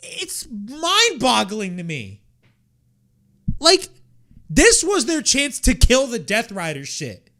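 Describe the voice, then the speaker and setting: A man's voice: very high-pitched, huge pitch swings, slow, long pauses, pushed and bright. A young man hosting a wrestling watch-along, ranting in exasperation, swearing and repeating himself. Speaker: wrestling reaction host.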